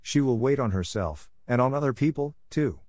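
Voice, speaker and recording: A man's voice: medium pitch, lively intonation, normal speed, darkish tone, no room sound, studio quality, pitched above the performer's own voice, lightly acted. A man voicing a stern, cold middle-aged headmistress who talks down to a child. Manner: harsh, scolding.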